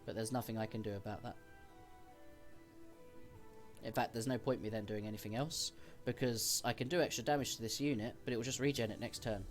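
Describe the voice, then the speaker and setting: A man at a mid pitch, streaming a card game and calmly walking through every decision as he thinks aloud. Soft game music plays faintly behind him. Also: fairly quick. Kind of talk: casual gameplay commentary.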